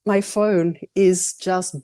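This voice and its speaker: A woman's voice: fairly low pitch, steady tone, very slow, mellow, no echo. A middle-aged woman, sharing her personal faith testimony in an earnest, candid way.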